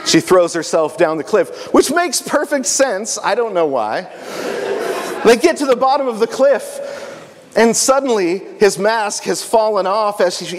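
A man speaking at a family camp, retelling a story in a playful way with joking asides. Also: high-pitched. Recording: echoey hall.

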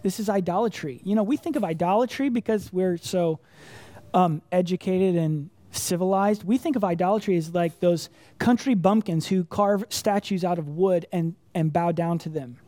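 A woman preaching a sermon in a mellow, warm tone. She speaks conversationally, leaning on rhetorical questions and emphatic repetition. The sound is dry and close. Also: on the low side, moderate pace, no echo. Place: church congregation room.

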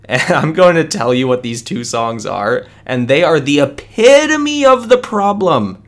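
A man's voice: on the high side, sing-song, a little slow, a bit bright. A man hosting a solo podcast, arguing his view in an earnest, conversational way with many restarts. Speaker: podcast host. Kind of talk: solo opinion podcast monologue.

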